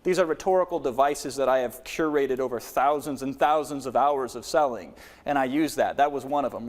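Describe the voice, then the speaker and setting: A man teaching a live workshop on selling, who demonstrates delivery by swinging his volume, pace and pitch. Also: brisk, in a large hall. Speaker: webinar trainer.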